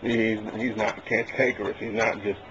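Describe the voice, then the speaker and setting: Low-voiced halting man, noisy lo-fi mic. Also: little pitch movement. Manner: halting, repeats words while searching. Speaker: voice actor. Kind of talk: casual behind-the-scenes chat.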